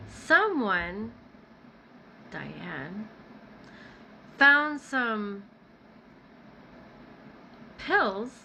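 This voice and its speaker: A woman's voice: medium pitch, a little hiss or hum, low-quality recording. A woman telling a personal story in a casual vlog, acting out the dialogue as she recounts it. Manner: animated retelling with acted-out dialogue.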